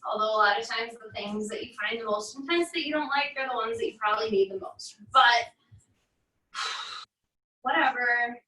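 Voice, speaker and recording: A woman leads a floor stretch in an encouraging, easygoing way, dropping wry asides between cues. Her voice sits high and sounds bright. The recording is echoey and heard from a distance off-mic. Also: normal speed. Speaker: fitness instructor. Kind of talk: guided barre cool-down instruction.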